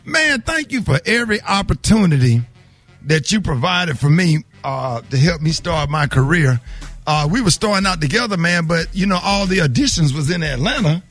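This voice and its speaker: A middle-aged man hosts a morning radio show, excitably hyping up his guest and trading jokes. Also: on the high side, normal speed, faint music behind. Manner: excitable, laughing, hype-man introductions. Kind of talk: lively morning radio banter.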